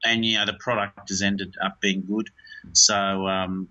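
A man's voice: low voice, level tone, unhurried, sharp tone, lo-fi sound. A man, a film director, talking in an interview in a rambling way, with many fillers and restarts.

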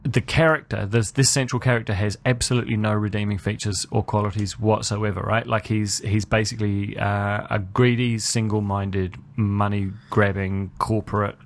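A man's voice: lowish voice, level tone, moderate pace, few pauses. A man co-hosting a film podcast, chatting casually and giving opinionated reviews with frequent restarts.

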